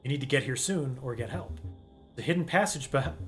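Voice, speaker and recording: A man voicing a trapped young woman calling for help, urgent and hurried. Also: medium pitch, lively intonation, a bit bright, faint music behind, close to an everyday voice. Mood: panicked.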